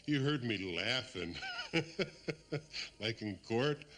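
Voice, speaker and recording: A man's voice: medium pitch, animated, slow, fairly bright tone, a little hiss or hum. An actor playing a cruel, mocking man who taunts his enemy and laughs at him, in a television drama. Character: taunting, sneering man menacing a foe.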